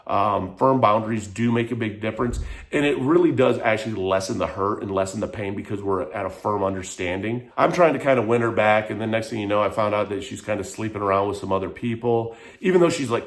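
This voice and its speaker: A man's voice: on the low side, steady tone, quick pace, hardly any pauses. A man frankly telling a personal story in a vlog, emotional and rambling, with lots of "like". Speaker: vlogger.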